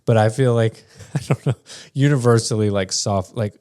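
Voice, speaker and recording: A man's voice: medium pitch, moderate pace, a little mellow, clean tone. A man co-hosting a podcast in casual chat, rambling and restarting often, laughing between thoughts. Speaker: podcast co-host.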